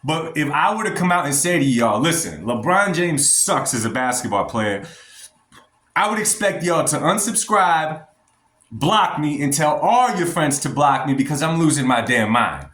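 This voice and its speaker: A man's voice: fairly high pitch, expressive, moderate pace, a bit bright. A man giving blunt, emphatic opinions in a commentary vlog, talking straight to his viewers. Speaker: boxing vlogger. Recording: roomy echo.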